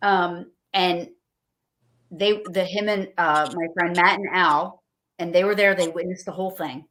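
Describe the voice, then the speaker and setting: A woman chatting casually on a livestream, telling stories excitedly and acting out what people said. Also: fairly low pitch, measured pace. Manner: excited, rambling storyteller acting out quotes.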